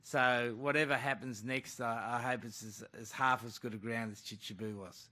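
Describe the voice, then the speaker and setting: A man's voice: mid-range voice, steady tone, normal speed, bright, forceful tone. A man, a rugby coach, answering questions bluntly at a press conference and calling the questioner mate.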